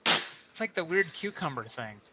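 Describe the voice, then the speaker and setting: A man co-hosting a casual chat show, eagerly pitching ideas. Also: big pitch swings, normal speed, very noisy. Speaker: co-host.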